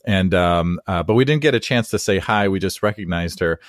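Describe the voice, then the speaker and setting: Hosting a podcast interview, this San Diego–area Presbyterian pastor laughs readily and drifts into long, winding stories. He talks a little fast in a low voice, recorded clean in a studio with no room sound.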